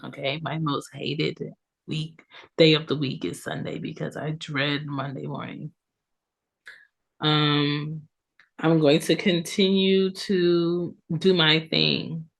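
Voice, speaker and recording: A woman's voice: sits low, level tone, takes it slowly, vocal fry. A woman in her thirties hosting her own podcast, chatting casually with lots of ums and tag questions, her voice congested from allergies. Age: 30s. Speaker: podcast host. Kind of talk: casual solo podcast talk.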